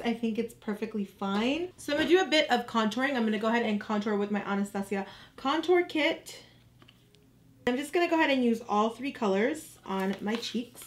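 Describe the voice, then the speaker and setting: A young woman chatting casually to her viewers as she walks through a makeup tutorial. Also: fairly high pitch. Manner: chatty, relaxed, addresses viewers as "you guys". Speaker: beauty vlogger.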